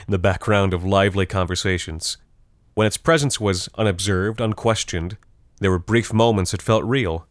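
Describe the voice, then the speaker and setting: A man's voice: deep voice, no room sound, studio quality. A man reading a scripted first-person horror story in a reflective, nostalgic way. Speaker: narrator.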